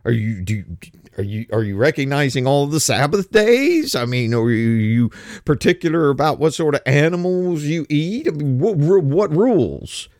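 Middle-aged guy talking to camera, stops and restarts a lot, pitch jumps all over, dry sound. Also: animated, no echo. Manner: halting, many restarts, rhetorical questions. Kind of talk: casual spoken monologue.

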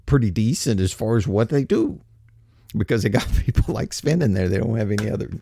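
A man's voice: mid-range voice, no room sound, studio quality. A man hosting a podcast, ranting in a casual, colloquial way full of slang. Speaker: podcast host.

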